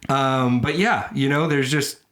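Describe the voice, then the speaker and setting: A man's voice: medium pitch, a little slow, fairly bright tone. Man, podcast co-host, casual, rambling, joking asides. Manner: rambling, joking asides, jumps into silly quoted voices. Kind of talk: casual comedic Bible discussion.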